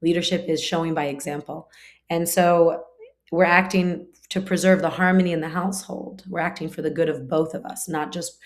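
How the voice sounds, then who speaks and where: A woman's voice: on the low side, steady tone, moderate pace. A woman teaching a spiritual class in a conversational way, full of fillers and restarts, now and then acting out short quoted lines. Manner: acts out short quoted lines in her talk.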